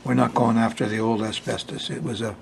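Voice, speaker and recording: A man's voice: mid-range voice, level tone, brisk, gravelly, slight background noise. An older man hosting an astrology forecast in a chatty, folksy way, laughing often between points. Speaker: astrologer hosting a weekly sky report. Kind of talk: casual spoken forecast.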